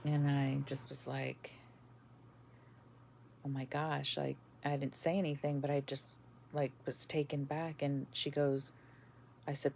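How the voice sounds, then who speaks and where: Woman podcast host, low gravelly voice, unhurried, halting testimony. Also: level tone, a little mellow, slight background noise. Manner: slow, halting, many fillers and restarts. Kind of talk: casual spoken testimony.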